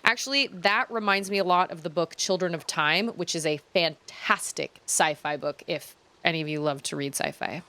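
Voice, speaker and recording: A woman playing through a video game and chatting casually to viewers. She is self-deprecating and often trails off mid-thought. Her voice sits a little low for a woman. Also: normal speed, hardly any pauses, bright, forceful tone. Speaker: game streamer. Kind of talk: casual let's-play commentary.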